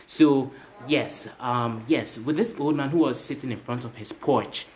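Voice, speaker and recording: Here the motivational speaker has a medium-pitched, darkish voice and takes his time. He tells viewers of his livestream a motivational story, talking straight to them, repeating himself and adding "right?" to his lines, over slight background noise.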